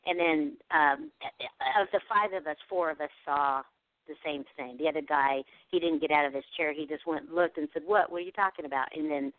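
Woman guest, casual animated storyteller, tinny phone-line audio. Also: sits low, brisk, no echo. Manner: animated, acts out quoted dialogue. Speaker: guest telling an encounter story. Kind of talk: casual storytelling on a radio show.

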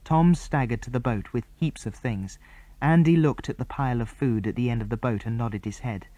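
Mellow male storybook narrator. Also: mid-range voice, normal speed, dry recording, lo-fi sound. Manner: clear, even storytelling. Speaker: audiobook narrator.

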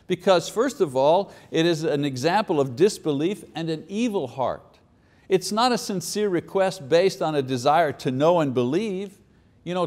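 A man teaching a Bible lesson in a casual, conversational way, slipping into quick voices for people in the story. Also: fairly high pitch, darkish tone.

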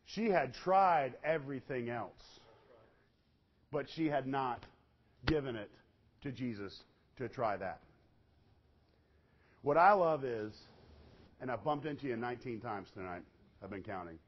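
A man preaching a sermon, telling the story in an animated way with sudden loud bursts and hushed low passages. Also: a little slow, long pauses. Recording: dull lo-fi recording.

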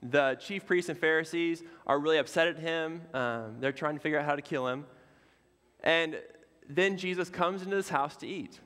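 A man's voice: on the high side, normal speed, a bit bright. Casual preaching man in a reverberant hall. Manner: conversational, casual asides with fillers. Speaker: pastor. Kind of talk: sermon. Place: church sanctuary.

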